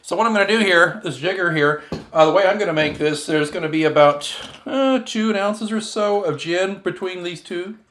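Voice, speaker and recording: A man's voice: sits high, moderate pace, fairly bright tone. A man hosting a casual home cocktail show, chatting and joking as he mixes drinks at his bar. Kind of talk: casual chat while mixing drinks.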